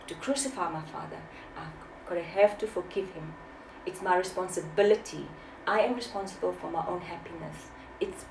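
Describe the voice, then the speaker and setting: Woman in her forties, impassioned interview guest, gravelly, roomy echo, distant from mic. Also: mid-range voice, slight background noise. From South Africa. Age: 40s. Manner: impassioned, repeats words, preachy. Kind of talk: emotional testimony.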